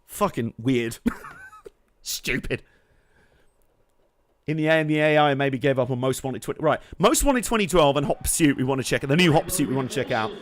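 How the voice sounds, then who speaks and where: A man's voice: mid-range voice, expressive, normal speed, pauses often, no room sound. A man giving jokey, sweary live commentary over a racing game he streams, laughing often. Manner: joking, sweary, laughs a lot. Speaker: let's play streamer. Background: racing game music and engine noise.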